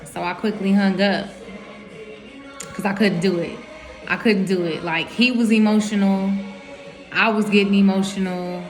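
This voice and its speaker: A woman's voice: mid-range voice, fairly even intonation, moderate pace, long pauses, faint music behind. A young woman telling a personal story to camera at home, candid and emotional, with informal slangy quoted speech. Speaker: vlogger.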